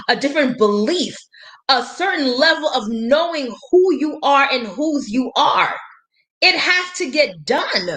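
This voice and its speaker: A woman's voice: high voice, pushed and bright. A woman coach giving a motivational live-stream talk, speaking emphatically and preachily, quoting scripture and laughing between points. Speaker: life and business coach.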